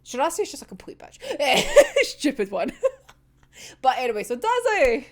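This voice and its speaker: A Scottish woman recaps a manga chapter in a casual, excitable way, swearing freely and laughing often. Her fairly high voice swings widely in pitch. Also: a little slow. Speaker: manga reaction host.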